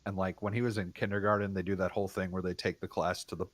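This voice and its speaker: A man chatting on a livestream, telling stories in a crude, lively way with casual swearing. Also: low voice, quick pace, no echo. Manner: crude, animated storyteller who swears. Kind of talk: casual chat.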